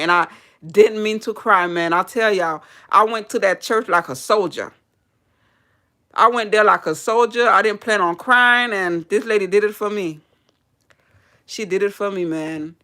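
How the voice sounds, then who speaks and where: A woman's voice: mid-range voice, bright, forceful tone. A woman hairdresser telling a personal story in a casual, candid way to a live audience, laughing and swearing as she goes.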